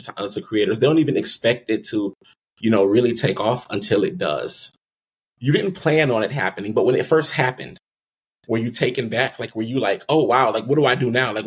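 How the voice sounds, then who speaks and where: Husky-voiced podcast host. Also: male voice, on the low side. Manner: easygoing, asks long rambling questions. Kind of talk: casual interview chat.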